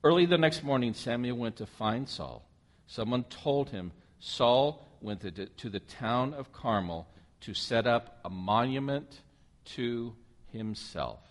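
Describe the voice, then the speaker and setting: A man's voice: mid-range voice, slow. A man preaching a sermon, reading a scripture passage aloud and breaking off to comment on it and put questions to his listeners. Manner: animated, asks the listeners questions.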